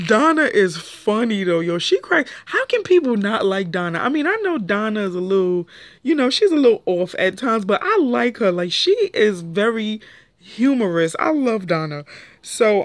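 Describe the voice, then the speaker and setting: Opinionated young woman recapping a TV show, dry sound. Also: dry recording. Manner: animated, opinionated, jumps pitch when quoting people. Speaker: show reviewer. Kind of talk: casual TV recap commentary.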